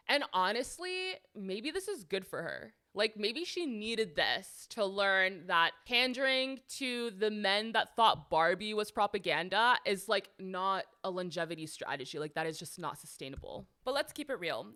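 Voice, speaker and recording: A young woman hosting her own commentary show, sassy and sarcastic, with a lot of "like" in her talk. Her voice is bright and crisp, and her pitch sits in a middle range. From United States. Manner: sassy, sarcastic, chatty with frequent "like". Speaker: podcast host. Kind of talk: casual commentary to camera.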